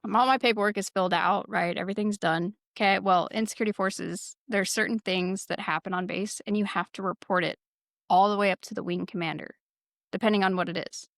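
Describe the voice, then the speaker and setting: A woman podcast host telling a casual story with lots of swearing, lively and laughing as she goes. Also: mid-range voice, brisk, gravelly, dry recording, clean studio sound. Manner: profane, lively, laughs while telling stories. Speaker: former military security forces sergeant.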